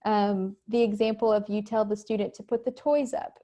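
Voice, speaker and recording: A woman teaching an online class from home, talking casually and acting out quick examples. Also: mid-range voice, flat delivery, mellow. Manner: conversational, acts out quick examples. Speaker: instructor. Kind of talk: recorded online lecture. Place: home, cat nearby.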